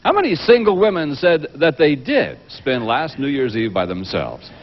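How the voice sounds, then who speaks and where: A man hosting a game show, bantering and teasing the contestants in a brisk way. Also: fairly high pitch, big pitch swings. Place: TV studio with live audience. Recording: dull old TV tape, studio audience. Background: studio audience.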